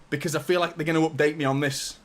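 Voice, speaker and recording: A young man hosting a live football watchalong, chatting casually, swearing and reading out viewer messages. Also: a little high. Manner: chatty, swears a lot, reads out super chats. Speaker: fan channel host doing a live watchalong. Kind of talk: live match watchalong commentary.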